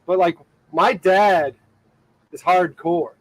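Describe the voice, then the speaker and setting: Out on the water, an Ohio livestreamer with a voice that sits high talks slowly and casually to his viewers. He laughs a lot and his rambling is packed with "like" and other fillers, and the audio is poor.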